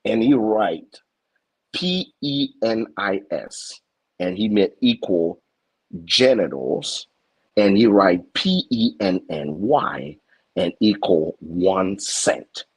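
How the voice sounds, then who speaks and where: Lively husky man. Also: deep voice, slow, poor audio. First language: French. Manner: animated, stammering repeats, acts out other voices. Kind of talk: casual comic storytelling.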